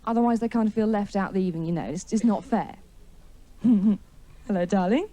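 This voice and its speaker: A woman's voice: medium pitch, racing, mellow. A woman doing a wry, chatty stand-up comedy routine in a TV studio, with an audience laughing.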